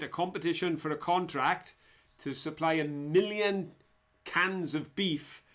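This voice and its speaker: A man hosting a live quiz in a chatty, joking way. His voice sits a little high for a man. He talks slowly and unhurriedly. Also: fairly bright tone. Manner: chatty, jokey, reads out viewers' answers. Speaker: quiz host.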